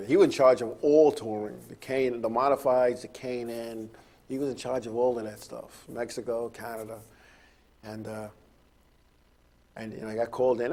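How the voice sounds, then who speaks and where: A man's voice: medium pitch, creaky, darkish tone. A middle-aged man hosting a radio talk show, telling stories in a rambling way with many fillers and chuckles. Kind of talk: casual storytelling chat.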